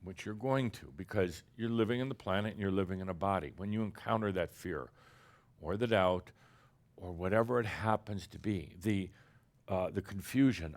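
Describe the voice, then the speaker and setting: A man with a voice on the low side plays a spiritual teacher channeling an entity, calling his audience "dear human." His playful, theatrical delivery swings between loud, emphatic bursts and quiet, drawn-out phrases.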